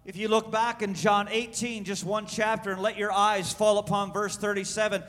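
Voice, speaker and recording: A man preaching a sermon and reading scripture aloud, swinging between shouted proclamation and hushed, slow reading. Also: high-pitched, little pitch movement, big-room sound.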